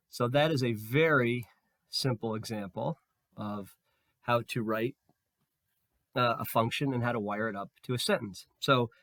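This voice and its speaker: A man with a slightly hoarse voice explains code in a screen-recorded tutorial. He talks in a relaxed way while he works, with fillers and restarts. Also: medium pitch, no room sound. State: slightly hoarse, losing his voice. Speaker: programming tutor.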